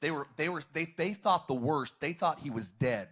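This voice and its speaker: Pastor, male, somewhat high voice, preaching with call-and-response to his congregation. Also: expressive, normal speed, a bit bright, slightly rough. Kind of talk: sermon. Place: church service, streamed online.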